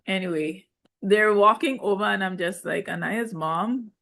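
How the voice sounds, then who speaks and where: A woman speaking in gives an opinionated recap of a dating show in a loose, chatty way. She teases the cast and drops playful asides, and her voice sits at an ordinary middle pitch for a woman. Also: fairly even intonation, normal speed, creaky, a bit bright. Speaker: reality show recap host. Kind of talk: casual reality TV recap commentary.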